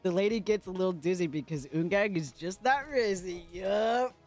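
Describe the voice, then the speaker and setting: A playful man livestreaming a game, chatting and laughing with his viewers. His voice sits high and bounces around a lot, with soft music playing faintly behind him. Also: expressive, brisk. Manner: chatty, playful and giggly, talks to chat. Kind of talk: casual gaming livestream chat.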